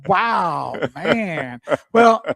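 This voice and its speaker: A man's voice: high voice, big pitch swings, vocal fry, fairly bright tone, dry recording. A man co-hosting a radio show, reacting in casual chat. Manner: quick reactions and laughs.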